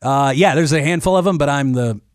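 A man who is a comedian guest, telling a story in casual chat as an animated storyteller who acts out the voices he quotes. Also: a little high, brisk, dry recording, studio quality.

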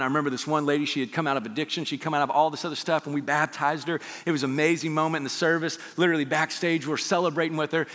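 A male pastor preaching in a church auditorium, his bright, forceful voice ringing with a long hall reverb. He preaches emphatically in a fairly high voice and acts out quoted voices with sudden loud rises. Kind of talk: sermon.

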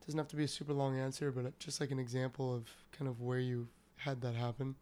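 A man's voice: mid-range voice, level tone, quick pace, warm tone. A man co-hosting a casual podcast, asking hesitant, searching questions. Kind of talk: casual discussion.

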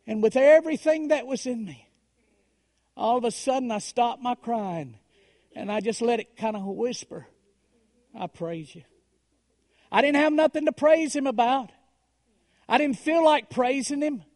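A man preaching a story-driven sermon, dropping to a hush and then rising to loud, dramatic swells. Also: very high voice, moderate pace. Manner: dramatic, swings from hushed to shouting.

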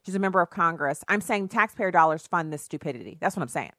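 A middle-aged woman hosting a radio talk show, speaking standard American English in a chatty, animated and outspoken monologue with quick restarts. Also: fairly low pitch, no echo, studio quality. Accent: none, standard American speech. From raised in Germany on US Army bases. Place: radio studio. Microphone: studio microphone.

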